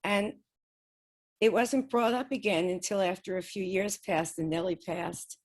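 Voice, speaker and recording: A woman guest recounting her experiences in an easygoing, conversational manner. Her voice sits at an ordinary middle pitch, and she chats along with light laughs dropped between her sentences. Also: steady tone, measured pace. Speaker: guest describing spirit communication experiments. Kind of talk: casual storytelling.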